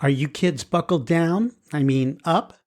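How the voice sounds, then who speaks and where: A man's voice: a little high, measured pace, darkish tone, lightly acted. A man voicing a worried mother on a family rocket trip, in a nervous, fretting manner, for an audiobook. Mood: fretful. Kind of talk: audiobook character voice.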